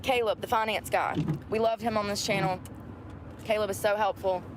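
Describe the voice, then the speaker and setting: A woman's voice: medium pitch, fairly even intonation, moderate pace. A woman chatting in a rambling, gossipy vlog outdoors near a store. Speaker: vlogger. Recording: outdoor traffic noise.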